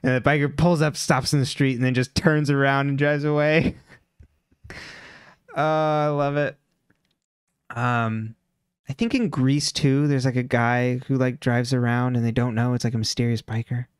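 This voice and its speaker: A man's voice: mid-range voice, little pitch movement, moderate pace, clear, resonant tone, dry recording, clean studio sound. A man co-hosting a podcast, recapping a TV episode in casual chat, full of fillers and frequent laughs. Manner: chatty, laughs often, many "like" and "um" fillers.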